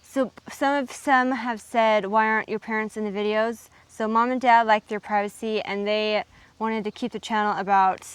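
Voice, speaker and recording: A young American woman co-hosts a casual farm vlog. Her voice is a little higher than usual, and she chats in a relaxed, easy way, adding quick remarks. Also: smooth, no room sound. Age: young adult. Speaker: farm vlogger. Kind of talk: casual chat.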